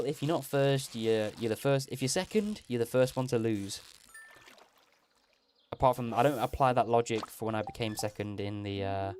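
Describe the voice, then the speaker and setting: A man's voice: on the low side, slight background noise. A man hosting a gaming livestream, rambling casually, laughing often and correcting himself mid-sentence.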